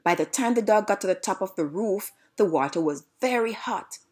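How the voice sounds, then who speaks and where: A woman with a Jamaican accent reads a children's storybook aloud. Her pitch sits mid-range but moves animatedly. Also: normal speed, husky. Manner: lively read-aloud narration. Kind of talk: storybook reading.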